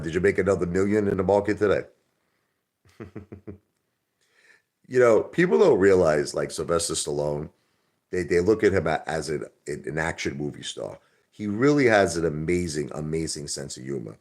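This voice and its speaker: A man's voice: low-pitched, animated, normal speed, darkish tone. A middle-aged man, hosting a casual livestream and rambling to his viewers in a street-talking way. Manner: rambling, street-talking, calls people brother. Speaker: livestream host.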